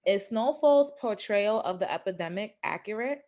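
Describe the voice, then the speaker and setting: A woman from New York interviewing a guest, chatty and quick to laugh. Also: mid-range voice, expressive, darkish tone. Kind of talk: casual interview chat.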